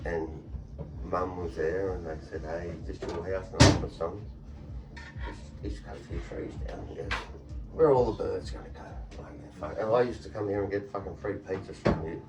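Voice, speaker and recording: A man's voice: low voice, steady tone, normal speed, loud music behind the voice. A man with an Australian accent telling blunt, sweary stories in a casual chat, laughing often. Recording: echoey room, voice picked up from a distance.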